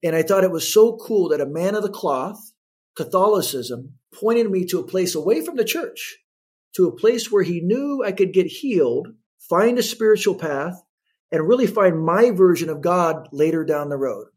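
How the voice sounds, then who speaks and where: Man, fifties, husky voice, a bit high, animated storyteller, acts out quotes, interview guest. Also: normal speed.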